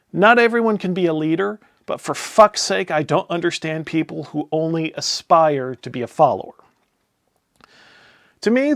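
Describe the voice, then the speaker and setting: A man's voice: fairly high pitch, no echo, clean studio sound. Profane, exasperated ranting man. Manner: profane, exasperated, sarcastic, animated swings in loudness. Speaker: tabletop game publisher ranting. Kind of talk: casual spoken rant.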